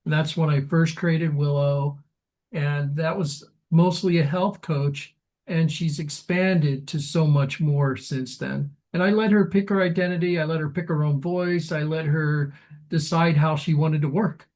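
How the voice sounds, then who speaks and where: A man co-hosting a webinar, talking in a relaxed, plain-spoken way over a video call. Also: on the high side, measured pace. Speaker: co-host. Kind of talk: casual webinar talk.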